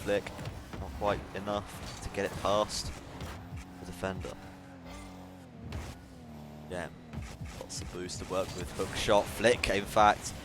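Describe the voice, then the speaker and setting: Low-voiced Irish man calling a match. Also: slow, pauses often, over music. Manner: rising to excited calls at big plays. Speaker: esports caster. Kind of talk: play-by-play commentary. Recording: noisy background.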